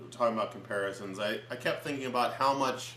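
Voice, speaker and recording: A man's voice: medium pitch, normal speed, fairly bright tone. A man co-reviewing a film in casual chat at home, earnestly explaining his points at length. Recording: echoey room with faint hum.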